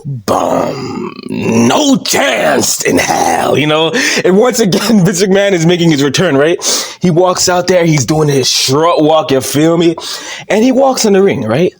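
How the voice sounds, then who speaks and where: A man's voice: on the high side, a little mellow. A young man ranting casually about wrestling in a profane, heated, mocking way. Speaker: vlogger. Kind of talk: casual rant.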